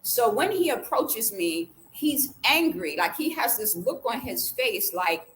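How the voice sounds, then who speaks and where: A woman vlogger telling a personal story in a casual way, acting out the quoted dialogue with lively changes of voice. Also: medium pitch, measured pace, a little hiss or hum, low-quality recording. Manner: animated, acts out the quoted dialogue.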